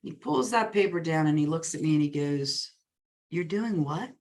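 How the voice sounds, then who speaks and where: A woman with a somewhat low voice gives a coaching talk to real estate agents. She tells stories in a lively way and slips into the voices of the people in them. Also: a little fast. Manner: lively storyteller who acts out quoted dialogue. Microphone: webinar recording.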